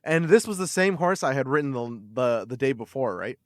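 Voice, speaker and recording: A man on a podcast, telling a story from his childhood in an animated, swearing style with lots of repeated words. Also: mid-range voice, a little fast, dry recording, clean studio sound. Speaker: podcast host. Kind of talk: casual storytelling.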